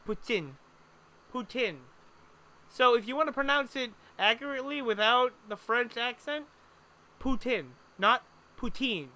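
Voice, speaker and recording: Playing live, a streamer chats with viewers and wanders off into lengthy, meandering explanations. He has a high, smooth voice that sounds pushed and bright.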